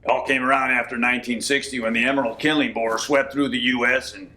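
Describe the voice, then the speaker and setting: A man telling folksy tall tales in a deadpan comic interview. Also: medium pitch, fast. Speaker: comic storyteller.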